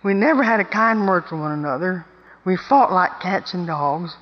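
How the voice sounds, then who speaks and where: A woman's voice: lowish voice, expressive, moderate pace. An earnest, confiding office secretary, quoted by an older woman telling a story. She speaks from a big hall that carries a long echo. The recording sounds a little muffled.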